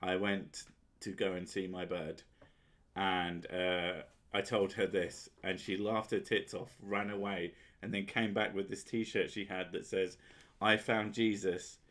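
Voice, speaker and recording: A man's voice: low voice, level tone, unhurried, fairly bright tone. A man hosting a casual chat, sweary and sardonic, often laughing at his own jokes. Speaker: podcast host.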